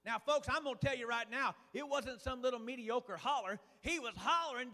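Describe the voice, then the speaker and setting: A man preaching a sermon in a folksy, fervent way, dotting his lines with "uh" and dropping suddenly to a hush. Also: very high-pitched, a little fast, hardly any pauses. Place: church sanctuary. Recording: long reverb of a church hall.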